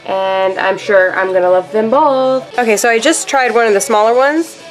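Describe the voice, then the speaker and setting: A woman's voice: on the high side, moderate pace, faint music behind. A young woman vlogging her day, chatting casually to her viewers. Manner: chatty, addresses viewers as you guys. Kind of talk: casual chat.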